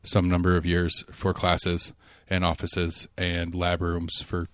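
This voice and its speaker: A man hosts a casual podcast chat. He rambles and restarts, animated, with plenty of fillers. The sound is dry and close. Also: low voice, slow pace, smooth, dry recording. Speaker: podcast host.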